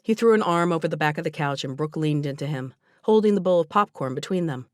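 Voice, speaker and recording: A woman narrating a young adult romance audiobook in a gentle, even storytelling manner. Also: low voice, fast talker, no room sound, clean studio sound. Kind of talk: scripted narration.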